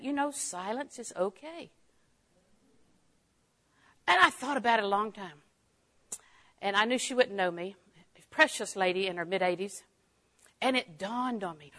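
An older woman teaching a Bible lesson in a folksy way, dropping to a hush and rising to exclaim. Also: mid-range voice, a little fast, pauses often. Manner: folksy, swings from hushed to exclaiming.

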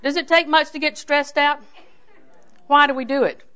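A woman's voice: sits high, fairly even intonation, moderate pace, pushed and bright, some chatter behind. A woman preacher giving a sermon in a chatty storytelling way, asking her listeners questions and often laughing. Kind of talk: sermon with humorous anecdotes.

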